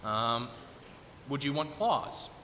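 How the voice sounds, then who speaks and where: Taking his time, a twenty-something recital performer talks loosely with his audience, working out his thoughts aloud. His voice is mid-range, sharp, and expressive, recorded in a recital hall with long reverb and slight noise.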